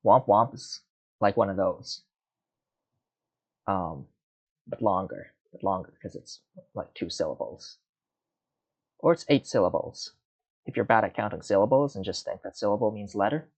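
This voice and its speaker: A man's voice: lowish voice, moderate pace, long pauses, breathy edge. A man giving casual, rambling commentary while playing a card game, muttering and mocking himself.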